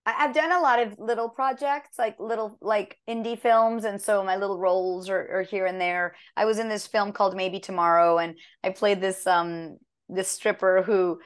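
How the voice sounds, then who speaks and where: A woman voice actress chatting casually in an interview, telling stories with lively acted quotes. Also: mid-range voice, clear, resonant tone. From half American. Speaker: voice actress guest.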